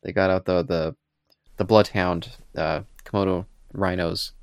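A man with a low, gravelly voice co-hosting a casual podcast. He retells comic scenes with animation and slips into the characters' lines. The sound is dry and close. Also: a little slow, no echo. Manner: animated retelling with acted-out quotes. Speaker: podcast co-host. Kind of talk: casual comic book discussion.

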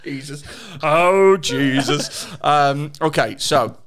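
A man's voice: fairly high pitch, slow pace, a bit bright. A man hosting a podcast in casual chat, swearing freely and laughing often. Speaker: podcast host.

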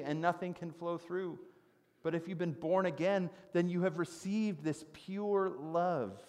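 A man's voice: fairly high pitch, long reverb tail. A man in his thirties preaching a sermon as a pastor, earnest and conversational, with rhetorical questions and prayerful asides. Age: 30s.

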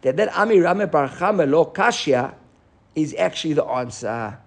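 A man teaching a Talmud class, animated and often restarting as he explains. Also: on the high side, normal speed. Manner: animated, restarts often, mixes Hebrew and Aramaic terms.

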